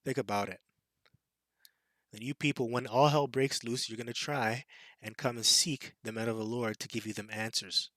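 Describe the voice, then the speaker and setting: A man's voice: medium pitch, fairly even intonation, moderate pace, a bit bright, no room sound. A man preaching a fiery, taunting scripture sermon, reading verses and mocking his listeners. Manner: fiery and taunting, with scornful impressions and laughs. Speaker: street preacher.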